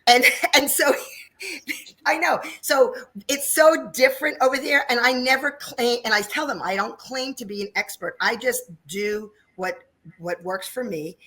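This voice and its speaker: Her voice fairly high, a little slow, and a bit bright, a dance studio owner from New Jersey in her fifties tells stories during a casual interview. She's chatty and laughs frequently.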